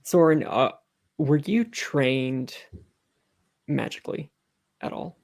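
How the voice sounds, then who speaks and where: Slow, gravelly male game master. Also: medium pitch, expressive, a little mellow. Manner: halting, with many fillers and restarts. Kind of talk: narrating a tabletop game.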